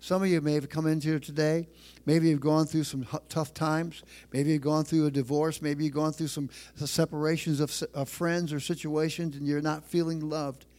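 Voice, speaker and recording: A man's voice: fairly high pitch, level tone, a little mellow. Emphatic middle-aged male pastor preaching. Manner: emphatic preaching with repeated phrases and slowed, stressed lines. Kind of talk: sermon. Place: church.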